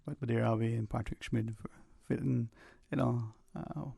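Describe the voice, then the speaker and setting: A man hosting a call-in radio talk show from the Cayman Islands, speaking in a measured, reflective way and choosing his words carefully. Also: mid-range voice, steady tone, gravelly, mellow, breathy edge, no echo, studio quality. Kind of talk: casual radio chat.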